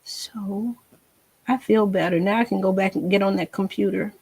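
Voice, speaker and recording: A woman's voice: mid-range voice, steady tone, quick pace, gravelly, a little mellow, husky, no echo. A woman, chatting folksily to viewers and herself while teaching a painting tutorial. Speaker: painting instructor.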